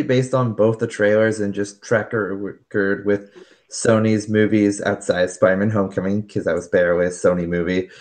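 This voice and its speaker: A man with a fairly low voice co-hosts a casual podcast chat. He speaks in a measured way and sounds unimpressed. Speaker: podcast co-host.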